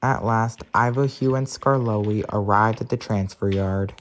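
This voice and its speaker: A man narrating a fan-made story about engines in a plain, steady way. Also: on the low side, a little slow.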